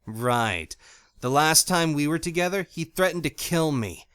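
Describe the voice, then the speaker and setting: A hot-tempered young woman in an audiobook, as a male narrator puts her on, bright and lively in tone. She snaps out curt, blunt retorts, recorded dry and close. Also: fairly high pitch, measured pace, clear, resonant tone, no echo, voice pushed up. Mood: wry. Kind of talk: audiobook character voice.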